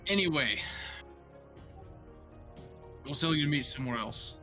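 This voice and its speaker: A man's voice: on the high side, animated, unhurried, pushed and bright, faint music behind. A man running a tabletop game as game master, talking casually and swearing now and then.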